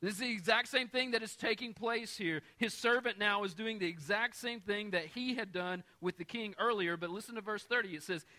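Male pastor, bright clear voice, slightly high, conversational sermon, checks in with listeners, light humor. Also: a little fast, hardly any pauses. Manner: conversational preaching with frequent audience check-ins; explains scripture in everyday terms with light humor.

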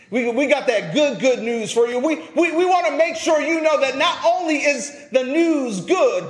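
A male pastor preaching a sermon, emphatic, rising to loud peaks and dropping low at phrase ends, often repeating words as he restarts. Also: expressive, normal speed, hardly any pauses. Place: church sanctuary. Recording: echoey church sanctuary.

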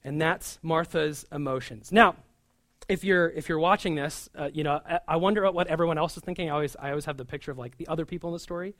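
A man, a pastor, giving a conversational sermon, animated and chatty with frequent asides. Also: on the high side, fast talker, dry recording, studio quality.

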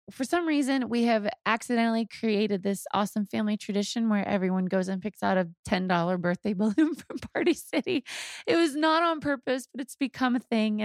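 A woman's voice: on the high side, no echo, studio quality. Chatty woman laughing through stories. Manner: chatty, laughs often, animated storytelling. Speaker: podcast co-host. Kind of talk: casual chat.

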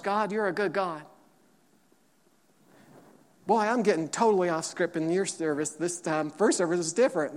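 A middle-aged man preaching a fiery sermon as a pastor, calling out to his congregation. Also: high-pitched. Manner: fiery, preaching loudly with call-and-response. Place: church sanctuary. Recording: long reverb of a large hall.

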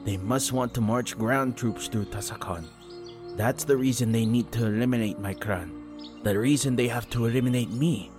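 A man voicing a fearless small Kithkin man, a calm and measured strategist laying out his reasoning, over background music. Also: mid-range voice, voice pushed up, close to an everyday voice. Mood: grave. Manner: measured, explaining. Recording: fantasy audiobook with music bed.

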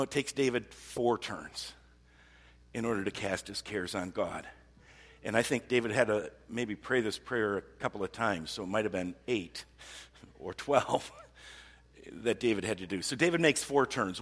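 A man's voice: medium pitch, fairly bright tone. A man preaching a sermon as pastor, earnest, with frequent restarts, acting out prayers with rising energy. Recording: long hall reverb.

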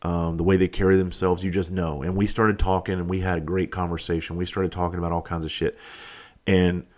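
A man's voice: sits low, flat delivery, fairly quick, darkish tone. A middle-aged man with a blunt manner, hosting a podcast and telling stories casually, swearing freely and restarting his sentences. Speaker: podcast host. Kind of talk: casual storytelling.

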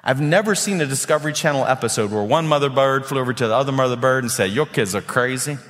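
A male pastor preaching a sermon with animated delivery, often repeating words as he builds his points. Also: medium pitch, fast talker, long reverb tail.

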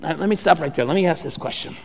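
A middle-aged man preaching a sermon as pastor, telling the story in a conversational, animated way with many restarts. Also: fairly high pitch, rapid-fire, creaky, big-room sound.

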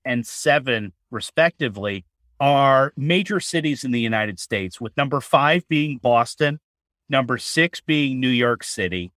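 A man's voice: mid-range voice, a bit bright, no echo, studio quality. A man co-hosting a casual chat, talking in a chatty way with restarts and repeated words. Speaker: co-host.

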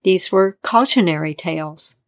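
A woman narrating a folktale and its history in a measured, deliberate scripted style. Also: on the low side. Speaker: storyteller.

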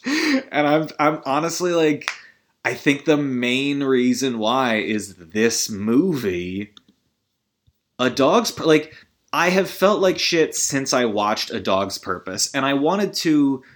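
A man's voice: medium pitch, very animated, takes it slowly. Rambling, self-deprecating male podcast host. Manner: rambling, self-deprecating, swings between loud outbursts and mumbling. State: weary, feeling low. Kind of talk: solo comedy podcast monologue.

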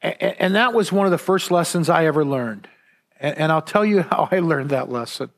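A pastor from Southern California preaching to his church in a notably high-pitched male voice. He talks earnestly, doubling back and repeating words as he drives a point home. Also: expressive, a little fast. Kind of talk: sermon.

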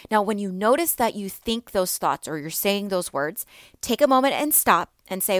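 A woman's voice: mid-range voice, animated, normal speed, fairly bright tone, dry recording, studio quality. Earnest woman giving a motivational talk. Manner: earnest, encouraging, repeats phrases for emphasis. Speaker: podcast host, wellness coach for mothers.

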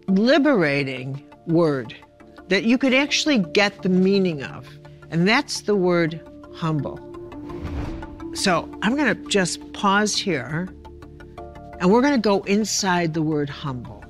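A woman, a spiritual author and speaker, teaching in a reflective, emphatic way and often putting questions to the listener. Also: lowish voice.

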